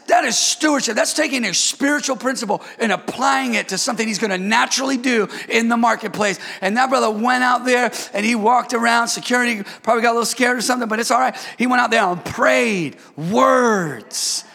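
A man preaching a sermon with call-and-response, swinging from shouted climaxes to quiet, joking asides with the congregation. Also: very high-pitched, fast, vocal fry, hardly any pauses.

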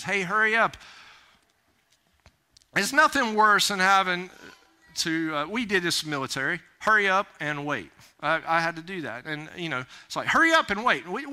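A man preaching a sermon, plain-spoken and folksy, rising to loud urgent calls. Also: high-pitched. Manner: animated, rising to near-shouts when urging haste. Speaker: pastor.

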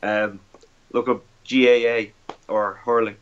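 A man with an Irish accent, a guest in a casual chat, soft-spoken and a little nervous. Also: fairly low pitch, flat delivery, a little slow, clean tone. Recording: muffled lo-fi audio.

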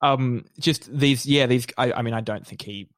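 A man with a lisp co-hosting a relaxed podcast, his voice at an ordinary middle pitch. He rambles and hesitates, leaning on "like" and "kind of" as he thinks aloud. The recording is dry and close to the mic. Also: moderate pace, no echo. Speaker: podcast co-host. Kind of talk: casual chat.

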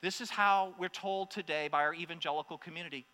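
A man preaching a sermon to a congregation, impassioned, swinging between loud exclamations and hushed asides. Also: on the high side, fast talker, few pauses. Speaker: pastor. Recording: long hall reverb with mains hum.

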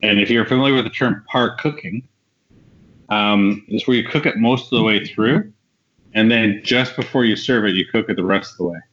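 A man's voice: on the low side, moderate pace, fairly bright tone. A man co-hosting a casual podcast, explaining things and laughing often. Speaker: podcast co-host. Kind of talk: casual chat. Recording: dull lo-fi remote audio.

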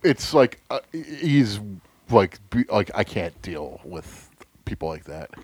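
A young man co-hosting a casual podcast chat, ranting sarcastically with lots of swearing and sudden loud outbursts. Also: fairly low pitch, sing-song, slow pace, breathy edge, dry recording. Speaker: podcast co-host.

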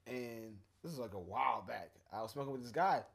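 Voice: medium pitch, expressive, a little fast, vocal fry. A podcast co-host in casual chat, loose and storytelling, laughing often.

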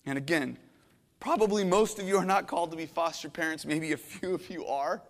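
Earnest emotional pastor guy preaching, slightly high voice, echoey church hall. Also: a little fast. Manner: earnest, emotional, shifting from hushed to intense. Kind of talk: sermon. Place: church sanctuary.

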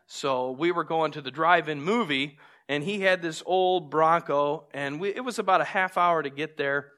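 A man preaching a sermon, telling stories with lively, acted-out moments and drawing lessons from scripture. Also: a little high. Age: adult with a young son. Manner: animated storytelling, acts out scenes. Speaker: pastor.

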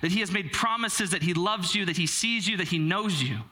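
Young male preacher, chatty and self-deprecating, high bright voice. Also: a little fast. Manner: conversational, self-deprecating storytelling with filler words. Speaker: pastor. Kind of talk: sermon with personal story.

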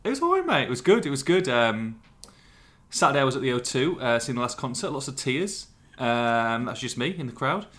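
A man's voice: mid-range voice, expressive, normal speed, a bit bright. A man, hosting a podcast and telling rambling, self-deprecating stories in casual chat. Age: 40s. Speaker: podcast host.

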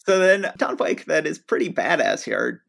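A man's voice: on the high side, very animated, normal speed, creaky, a bit bright. A man co-hosting a podcast, recapping a comic's plot in an enthusiastic, storytelling way. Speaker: podcast co-host.

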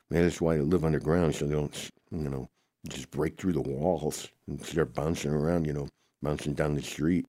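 A man with a very low, dark voice improvises a rambling make-believe story, full of "oh boy" exclamations. The sound is dry and close, with no room around it. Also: steady tone, normal speed, no room sound.

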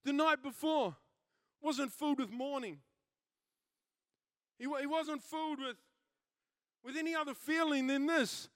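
A man's voice: very high-pitched, a little slow, long pauses, no room sound, clean studio sound. A man preaching a sermon, telling stories energetically and acting out the people in them. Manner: animated storytelling, acting out quoted characters. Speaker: pastor.

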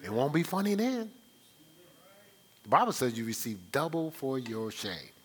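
A man's voice: medium pitch, very animated, normal speed, fairly bright tone, slightly rough. A male pastor preaching a live church sermon in a conversational way, often checking in with the congregation. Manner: conversational, rhetorical, checks in with "right?".

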